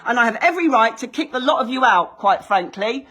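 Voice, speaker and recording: A woman's voice: a little high, lively intonation, fairly quick, fairly bright tone, slightly rough. Indignant woman arguing at home. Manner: indignant, sarcastic, insistent. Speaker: homeowner confronting bailiffs and police. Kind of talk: heated argument filmed at home. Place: hallway and kitchen of a house, indoors.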